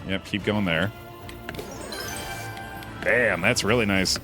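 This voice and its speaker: A young man casually commenting on a card game on a live stream, chatty and relaxed, calling his chat dude and bud. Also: fairly low pitch, takes it slowly, music in the background.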